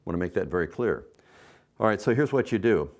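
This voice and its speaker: A middle-aged man with a low voice coaches parents on teaching infants to swim. His talk is lively and folksy, rising and falling freely as he explains each step. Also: brisk. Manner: folksy, coaching, acts out a parent's sing-song counting. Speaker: swim instructor. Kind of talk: instructional video talk.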